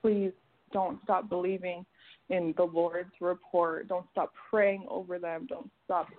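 A woman gives an earnest, emotional testimony on a prayer line, her voice sitting a little low. She talks with halting restarts. The sound is thin and tinny, like a phone call. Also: little pitch movement. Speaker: caller giving testimony.

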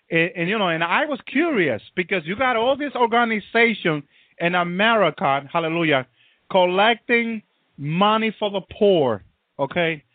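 A high-pitched man preaches a sermon over a tinny, phone-like line with a dry sound. Nearly every phrase gets a "hallelujah" or "praise Jesus," and he repeats himself constantly.

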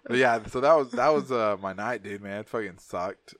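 A podcast co-host with a lowish voice tells a story at a moderate pace in casual, profane chat, animatedly acting out the voices of the people involved. The recording has no echo.

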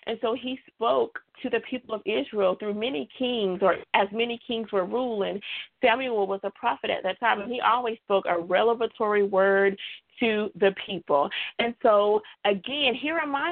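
A woman's voice: mid-range voice, creaky. A woman preaching a sermon, emphatic, with repeated refrains. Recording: tinny phone-like dry sound.

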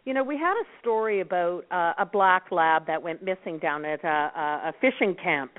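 A woman from Nova Scotia who founded a dog rescue network, calmly giving advice as a guest on a radio talk show. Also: on the low side, moderate pace. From Nova Scotia, Canada. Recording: tinny phone line.

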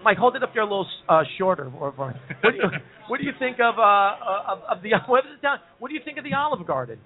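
A man's voice: high voice, big pitch swings, quick pace. Rambling male talk show host, tinny sound. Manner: rambling, repeats himself, self-interrupting. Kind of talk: casual comedy talk show. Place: pub.

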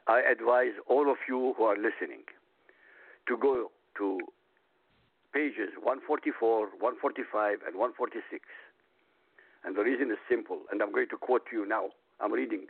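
A man's voice: mid-range voice, moderate pace, creaky, slightly rough, no echo. A man calling in to a radio talk show, speaking insistently, repeating his points and urging listeners to check for themselves. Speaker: caller, guest. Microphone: telephone. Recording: tinny dry phone line.

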